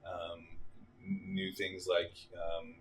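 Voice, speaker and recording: A man speaking as a marketing director guest in a casual interview, relaxed with many fillers and restarts. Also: deep voice, slow. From Dallas.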